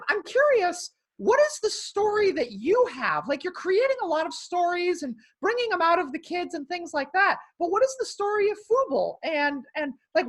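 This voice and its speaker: A woman co-hosting a live-stream chat in a very high voice that moves about a lot. She reacts quickly and with enthusiasm. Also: a bit bright. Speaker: co-host.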